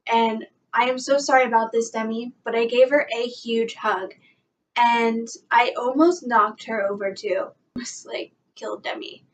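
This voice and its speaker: A young woman telling an excited fan story in a vlog, gushing and breathless, full of "like" and "guys". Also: on the high side. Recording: voice a bit far from the mic, faint background noise.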